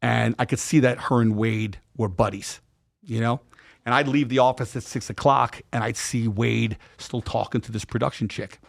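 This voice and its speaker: A man's voice: mid-range voice, normal speed, vocal fry. A middle-aged man, a podcast guest, telling a candid story with lots of slang and swearing and acting out what people said. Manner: animated, profane, slangy retelling with acted-out quotes.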